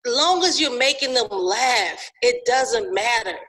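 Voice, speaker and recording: A woman's voice: fairly high pitch, animated, slow pace, fairly bright tone, breathy edge. A woman, a comedian guest, chatting in an enthusiastic, encouraging way. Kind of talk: casual chat.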